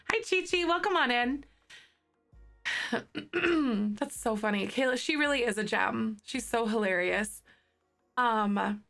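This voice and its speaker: A woman in her thirties chatting with live viewers in a bubbly, rambling, giggly way. Her voice is slightly hoarse from morning throat. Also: on the high side, fairly bright tone. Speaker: livestreamer. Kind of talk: casual chat with live viewers.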